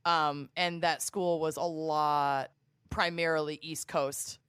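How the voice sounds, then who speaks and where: A woman guest in casual podcast chat, frank and quick to laugh, swearing casually. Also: sits low, steady tone, a bit bright, clear, resonant tone, dry recording, clean studio sound.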